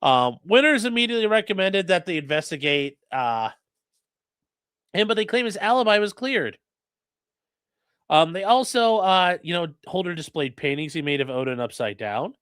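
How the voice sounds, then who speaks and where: A man hosting a livestream as an attorney, giving sarcastic, animated legal commentary. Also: sits high, normal speed, smooth, no echo. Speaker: attorney and channel host.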